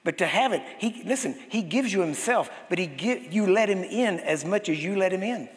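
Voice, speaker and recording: A man preaching a sermon as pastor, telling stories in an animated way and acting out the voices of the people in them. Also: high-pitched, normal speed. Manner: animated storytelling, acts out quoted voices. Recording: long hall reverb.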